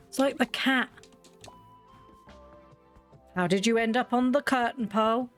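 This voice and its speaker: A woman's voice: on the high side, unhurried, long pauses, soft background music. A woman hosting a casual game video, chatty and teasing, scolding the characters she plays with. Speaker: gaming video host. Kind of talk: casual let's-play chat.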